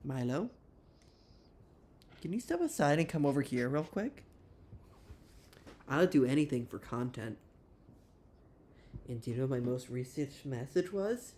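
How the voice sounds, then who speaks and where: A man hosting a casual livestream from home, chatting playfully and rambling, and cooing at his dog in a high voice. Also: very animated, a little slow, long pauses, a little mellow. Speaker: livestream host.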